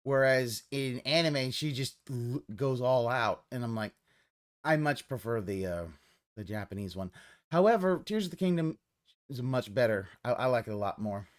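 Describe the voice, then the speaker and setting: A man's voice: medium pitch, normal speed. A man streaming live and commenting casually, rambling and swearing as he reacts to a clip. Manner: rambling, profane, animated.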